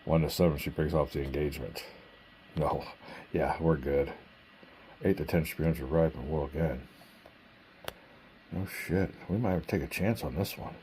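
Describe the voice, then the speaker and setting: Speaking at an extremely low pitch and normal speed, this man takes long pauses while hosting a solo board game. He starts off hushed and quiet, reading cards aloud and mulling over each draw with relaxed fillers in casual commentary, against slight background noise.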